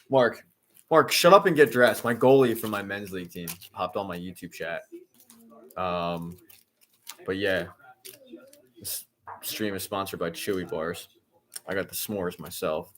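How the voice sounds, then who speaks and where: Male fan streaming a game, low voice, casual chatter punctuated by loud groans at his team. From Philadelphia area. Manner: exasperated, loud outbursts at bad plays. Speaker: streamer hosting a football watch-along. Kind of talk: casual live-stream commentary.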